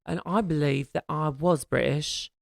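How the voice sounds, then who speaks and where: American male podcast host, gushing and theatrical, with a creaky voice. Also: on the high side, fairly even intonation, measured pace, no room sound. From West Virginia. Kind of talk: casual chat.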